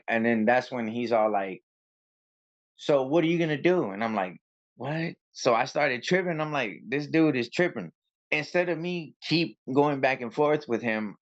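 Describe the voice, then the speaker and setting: Speaking at medium pitch over a muffled recording, a copwatcher guest in an interview relates a story casually and animatedly. He acts out both parties in an argument.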